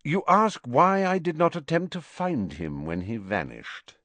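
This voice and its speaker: A man voicing a composed wizard spy who speaks in a calm, bored, measured manner. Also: a little high, no room sound, pitched above the performer's own voice, exaggerated voice. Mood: cold calm.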